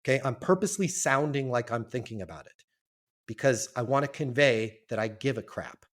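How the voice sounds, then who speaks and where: A man's voice: mid-range voice, expressive, a little fast. A man guesting on a business podcast, teaching sales in an emphatic, punchy way with casual swearing.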